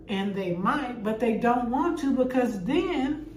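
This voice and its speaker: A woman's voice: on the high side, lively intonation, slow pace, a little mellow. An older woman and grandmother, co-hosting a casual chat and giving upbeat parenting tips. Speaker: co-host. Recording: echoey room with faint noise.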